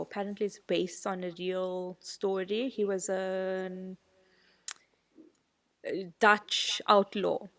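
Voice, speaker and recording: A woman co-hosting a podcast in casual chat, telling stories in a chatty, animated way. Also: medium pitch. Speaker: podcast co-host.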